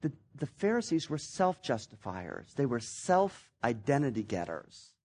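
A man preaching a sermon to a church congregation, acting out the voices in his quotes and swinging from loud outbursts to hushed tones. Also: mid-range voice, measured pace, husky. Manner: animated, acts out voices in quotes, swings from loud to near-whisper. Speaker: pastor.

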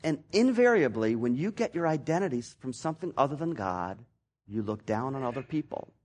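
A man preaching a sermon to a church congregation, acting out the voices in his quotes and swinging from loud outbursts to hushed tones. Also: mid-range voice, a little fast. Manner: animated, acts out voices in quotes, swings from loud to near-whisper. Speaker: pastor.

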